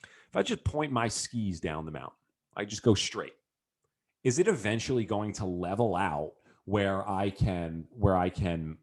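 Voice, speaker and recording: Animated man telling a story. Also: low-pitched, measured pace. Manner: animated, lots of fillers and restarts. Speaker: business coach speaking to entrepreneurs. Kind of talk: casual storytelling with a lesson.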